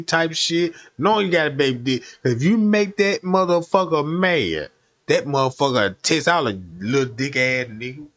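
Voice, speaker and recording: Streamer guy, high voice, telling a raunchy story, swears a lot, keeps going "know what i mean". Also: expressive, normal speed, fairly bright tone. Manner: profane, rambling, keeps asking listeners if they follow. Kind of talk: crude comedic storytelling.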